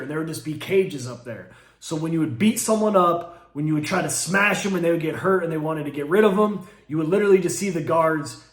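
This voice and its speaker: Animated man telling a story, roomy echo. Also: a little high. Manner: animated, acts out quoted speech, swearing, fillers like "like". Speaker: host telling his own story. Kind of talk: casual first-person storytelling.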